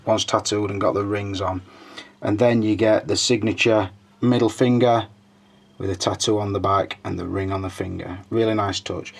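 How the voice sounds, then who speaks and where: Chatty man reviewing a toy. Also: fairly low pitch. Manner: chatty, informal, hesitant with fillers. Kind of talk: casual product walkthrough.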